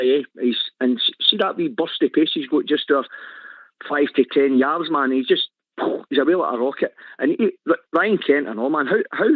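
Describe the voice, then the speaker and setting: A Scottish man hosting a radio phone-in, talking football in an animated way and tagging lines with "eh?". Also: medium pitch, no echo. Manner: animated, repeats himself, ends lines with "eh?". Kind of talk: casual phone-in chat. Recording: tinny phone-line sound.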